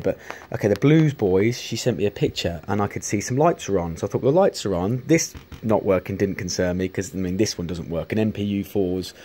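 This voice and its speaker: Deep, mellow man rambling. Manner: rambling, many restarts and swearing. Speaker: vlogger showing arcade machines. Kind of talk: casual rambling chat to camera.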